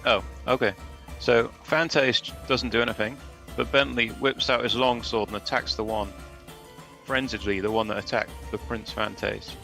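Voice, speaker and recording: Male player, deep gravelly voice, plain delivery, faint music behind. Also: steady tone, normal speed, sharp tone. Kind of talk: describing his character's actions.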